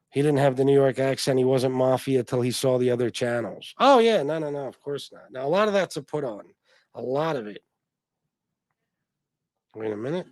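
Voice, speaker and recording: A man of medium pitch with a darkish tone speaks with no room sound. As host of a casual livestream, he goes through donations and chat comments, wandering off topic, swearing a lot, and starting over frequently.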